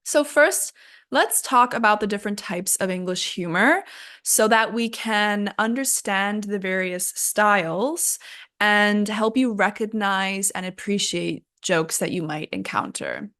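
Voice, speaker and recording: A woman's voice: medium pitch, measured pace, a bit bright. A young woman teaching an English lesson in a casual, chatty way, laughing at herself and using lots of fillers.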